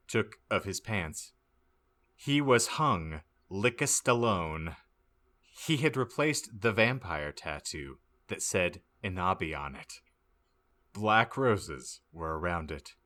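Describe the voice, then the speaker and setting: A man reading a badly written story aloud as a comic audiobook, deadpan and stumbling over misspelled words. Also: fairly low pitch. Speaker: podcast host reading aloud.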